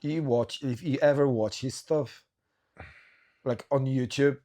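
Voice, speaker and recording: A man's voice: medium pitch, steady tone, slow pace, mellow. A man hosting a podcast, chatting casually and chiming in with short quips and questions. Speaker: podcast host. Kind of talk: casual chat.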